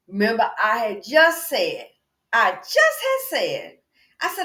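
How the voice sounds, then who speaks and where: While working out indoors, this commentary-channel host talks casually with lively emphasis, addressing her viewer as "girl" and "baby." Her voice is on the high side at a normal speed, and the room echoes.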